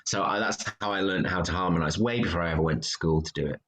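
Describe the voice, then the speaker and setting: A British man, a theatre actor, chatting casually and telling backstage stories with lively, acted-out quotes. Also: quick pace. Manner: animated storyteller, acts out quotes with big pitch jumps. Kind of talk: casual chat.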